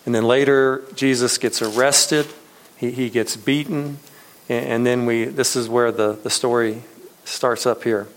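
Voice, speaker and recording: In a rough recording with slight background noise, a man in his thirties delivers a casual sermon as pastor. His medium-pitched voice is steady and unhurried, and he speaks conversationally with lots of fillers and restarts, often chuckling.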